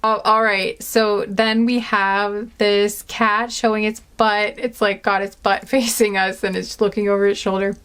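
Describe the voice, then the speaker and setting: A tarot reader doing a pick-a-card reading chats casually in a mid-range, fairly bright, clear and resonant voice with a flat delivery. She's tired and has a sore back, so she goes slowly and meanders, giggling now and then and calling her viewers "guys."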